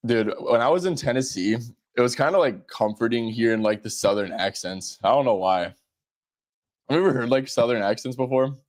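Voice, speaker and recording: A man's voice: medium pitch, fairly quick, dry recording. A young man hosting a sports betting show, joking around loosely with lots of fillers. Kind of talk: casual betting chat.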